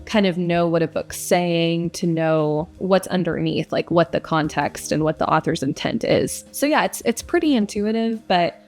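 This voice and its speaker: A woman's voice: lowish voice, moderate pace, hardly any pauses, a little mellow, faint music behind. A young woman who narrates audiobooks, answering interview questions in a casual, reflective way with frequent fillers.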